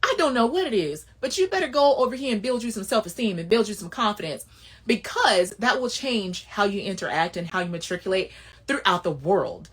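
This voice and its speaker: A woman's voice: mid-range voice, expressive, a little fast, husky. A woman giving life advice in a casual, emphatic monologue with sassy asides.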